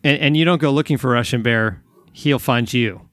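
A man's voice: mid-range voice, normal speed, fairly bright tone, dry recording, studio quality. A man hosting a podcast in casual chat, rambling with frequent restarts. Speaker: podcast host.

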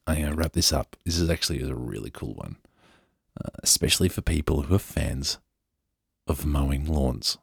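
Reading out a news story, an English man hosting a podcast keeps breaking off for chatty, playful jokes. His voice is extremely low, creaky and a bit breathy, captured in studio quality without echo.

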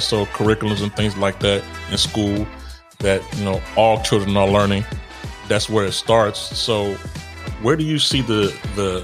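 A man with a lower voice hosts an interview, circling his questions and repeating phrases before getting to the point. Faint music sits behind him. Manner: rambling, repeats himself, many fillers. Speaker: host.

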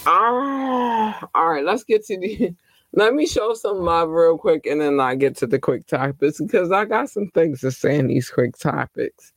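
A woman hosting her own podcast, talking casually in slang and giving affectionate shout-outs to her listeners. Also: deep voice, lively intonation, normal speed, no echo, low-quality recording. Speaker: podcast host. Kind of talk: casual solo podcast chat.

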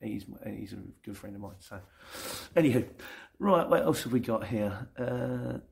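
A middle-aged man with a London accent talks through viewer questions on his channel. His voice sits in a mid range with a gravelly, creaky texture. He rambles along in a chatty, self-mocking way. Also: medium pitch, expressive, a little slow, darkish tone. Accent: London English. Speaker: YouTube channel host. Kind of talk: casual Sunday Q&A reading viewer comments.

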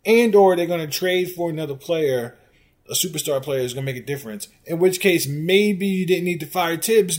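Host, male, slightly high voice, sarcastic exasperated rant with loud bursts. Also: normal speed. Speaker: sports podcast host. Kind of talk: ranting commentary on fan comments.

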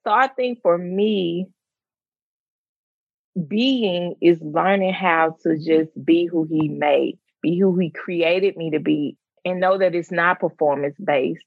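Woman, teacher and mom, reflective faith talk, lowish voice, close and dry. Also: slow, creaky, dry recording, narrow, tinny audio. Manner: earnest, reflective, quotes others in lively voices. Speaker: mother of twins. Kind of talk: faith conversation, personal sharing.

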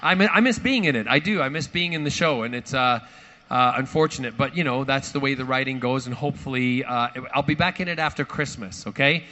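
A man telling a lively anecdote to a live audience, theatrical and acting out quoted voices. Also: medium pitch, brisk, lo-fi sound. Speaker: actor at a fan panel.

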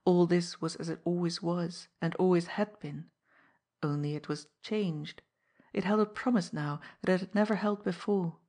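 A woman narrating an adventure novel as an audiobook in a measured storytelling manner. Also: on the low side, fairly even intonation, mellow. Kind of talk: scripted narration.

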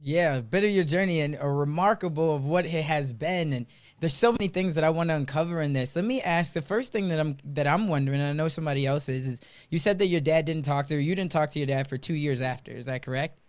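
A man's voice: a little high, fast. A man hosting a podcast interview and asking curious follow-up questions. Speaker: podcast host.

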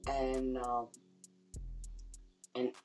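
Woman, very low voice, emphatic casual storyteller, distant mic, faint music behind. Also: very slow. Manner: animated, emphatic storyteller who swears. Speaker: podcast guest.

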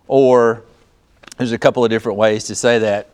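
A pastor preaching a sermon, teaching verse by verse and slowing down to stress the scripture he reads. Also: mid-range voice, fairly even intonation, a little mellow, clean tone.

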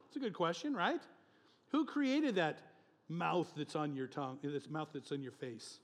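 A male pastor preaching a sermon with emphatic, animated delivery, often chuckling between points. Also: a little high, moderate pace, big-room sound.

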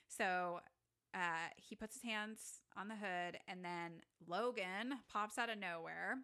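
Casually walking through a film scene by scene, a young podcast co-host performs the characters' lines as she goes. Her medium-pitched voice is unhurried, pushed, and bright.

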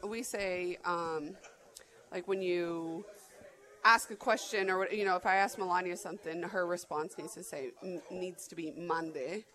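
A woman in her thirties from Arizona co-hosts a podcast, chatting casually and rambling with many filler words and restarts. Her voice is fairly low and a bit bright, with fairly even intonation and a slightly slow pace, and the audio quality is poor.

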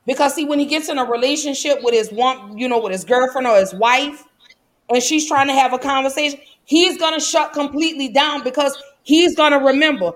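Emphatic woman vlogger, fairly high voice. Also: a little fast. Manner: emphatic, preachy, colloquial. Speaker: vlogger and mother. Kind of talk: impassioned commentary.

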